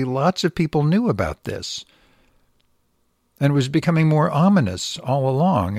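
A man's voice: mid-range voice, creaky, dry recording, studio quality. A man reading news articles aloud and adding blunt, wry asides. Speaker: news commentator.

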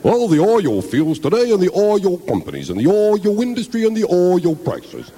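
A man impersonating a grave older male TV news anchor in a slow, solemn, drawn-out delivery. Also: sits high, huge pitch swings, dark tone, breathy edge, pitched above the performer's own voice, heavily acted.

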